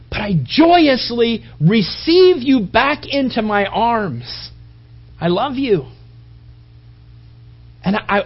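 A man's voice: sits high, slightly rough. A man preaching a sermon, telling stories animatedly and acting out voices and sound effects. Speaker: pastor. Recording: dull lo-fi recording.

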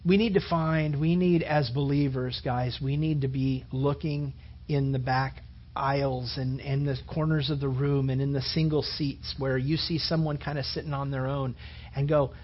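A man's voice: medium pitch, fairly even intonation, moderate pace. A man preaching a conversational sermon, rambling casually and peppering his talk with "you know" and "man". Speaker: pastor. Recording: dull lo-fi recording.

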